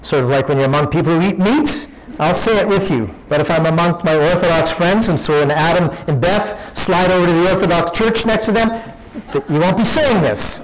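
A man's voice: on the high side, brisk, low-quality recording. A man preaching a sermon, teaching in a conversational way, often restarting his sentences.

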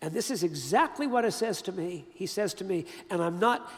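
An older man preaches in a high, gravelly voice, telling his story conversationally and leaning hard on key words. His voice rings out with a long reverb, as from a big hall. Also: animated. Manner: conversational, emphatic storytelling with pauses and restarts. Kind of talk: storytelling sermon.

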